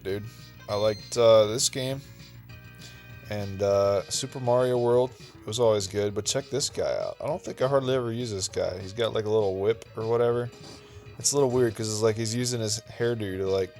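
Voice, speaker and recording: A man's voice: on the low side, darkish tone. A man hosting a retro gaming channel, giving casual, rambling gameplay commentary and saying "dude" and "okay" a lot. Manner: laid-back, rambling, says "dude" and "okay" often.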